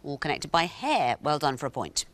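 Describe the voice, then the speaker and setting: A woman's voice: deep voice, big pitch swings, normal speed, slight background noise. A woman hosting a television quiz, explaining answers in a dry, explanatory way. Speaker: quiz show host.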